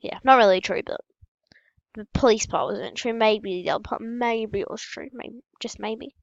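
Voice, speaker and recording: A female gaming host telling absurd, made-up stories in a casual, matter-of-fact, deadpan way while opening packs. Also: on the high side, normal speed, vocal fry, no room sound, lo-fi sound.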